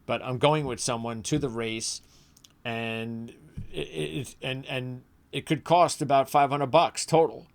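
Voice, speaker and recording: A middle-aged man, once in radio, hosts a motorsports show in a loose, off-the-cuff way. He rambles, restarts his sentences and drifts into asides. His voice sits at an ordinary pitch for a man. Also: fairly even intonation, a little slow, creaky. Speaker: motorsports channel host, former radio man. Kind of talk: casual rambling commentary to camera.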